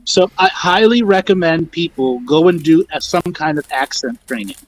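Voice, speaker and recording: A man's voice: a little high, expressive, moderate pace, low-quality recording. A man hosting and teaching on a spiritual talk show, directive and emphatic, often checking in with okay. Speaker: host and teacher. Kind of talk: guiding spiritual discussion.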